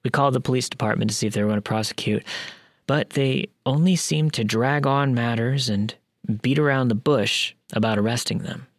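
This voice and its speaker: A man's voice: mid-range voice, a little fast, no echo, studio quality. A man narrating a true creepy story in a wry, blunt way with casual swearing.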